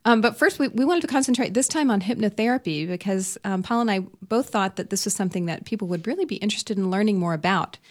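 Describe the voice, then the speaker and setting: A woman's voice: medium pitch, fast talker, hardly any pauses. A woman co-hosting a radio talk show in casual chat, friendly and laughing often. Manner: friendly, laughs often, stumbles over long names. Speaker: radio co-host.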